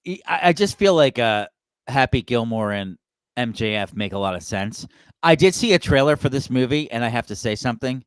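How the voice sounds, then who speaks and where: A man co-hosts a wrestling podcast in a casual, chatty way, laughing often and slipping into the voices of people he quotes. His voice sits mid-pitch, clear and smooth, with a dry, close sound. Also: lively intonation, fairly quick, no echo. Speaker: podcast co-host. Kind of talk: casual chat.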